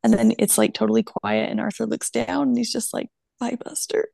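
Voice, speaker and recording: A young woman talks with friends in a casual chat. She speaks in a reflective, halting way, full of fillers. Heavy vocal fry runs through her voice, and the recording is close and dry. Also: a little high, steady tone, mellow, dry recording. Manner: nostalgic, hesitant, with many fillers.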